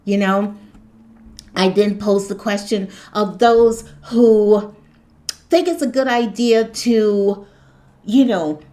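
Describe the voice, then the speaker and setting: A woman's voice: medium pitch, slow pace, long pauses, mellow. A woman giving an impassioned spoken commentary, asking question after rhetorical question. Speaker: spiritual commentator.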